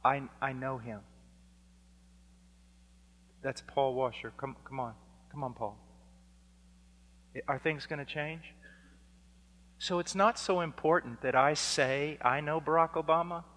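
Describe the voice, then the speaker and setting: A man preaching a fiery sermon, dropping to a hush and then rising to shouts as he acts out exchanges. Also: mid-range voice, a little slow, pauses often. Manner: swings from hushed to shouting, acts out dialogues. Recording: long hall reverb.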